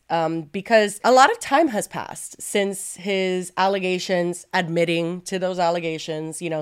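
A young woman co-hosting a podcast in casual chat, animated and profane. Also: lowish voice, clear, resonant tone. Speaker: podcast co-host.

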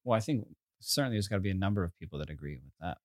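A man co-hosting a casual chat, speaking in a relaxed, halting way. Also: low voice, no echo, studio quality. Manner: relaxed, halting, with fillers and restarts. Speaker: podcast co-host.

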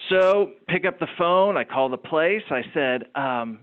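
A middle-aged man, a small business owner, telling anecdotes as a guest in an interview, animated and prone to repeating words. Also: fairly high pitch, moderate pace, hardly any pauses. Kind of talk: interview storytelling. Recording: phone-like narrow sound.

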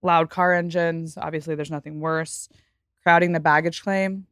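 A woman's voice: deep voice, moderate pace, no room sound, studio quality. Young woman hosting, blunt and chatty. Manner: animated, mimics others in quoted asides. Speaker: podcast host. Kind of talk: casual chat.

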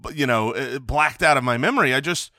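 Casual talker, man, bright edge to the voice, stumbles through his stories. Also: medium pitch, a little fast, no echo, clean studio sound. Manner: rambling, stumbles and restarts often. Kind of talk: casual chat.

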